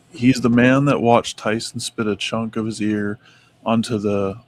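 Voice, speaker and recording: A man's voice: fairly low pitch, steady tone, a little slow, slight background noise. A man co-hosting a casual talk, reading notes aloud and stumbling over names. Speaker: co-host reading Mandela effect notes. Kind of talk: casual chat.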